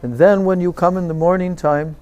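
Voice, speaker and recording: A man, a swami, recounting a personal memory in a slow and reverent devotional talk. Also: high voice, steady tone, darkish tone, lo-fi sound. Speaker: swami giving a spiritual talk. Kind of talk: devotional storytelling lecture.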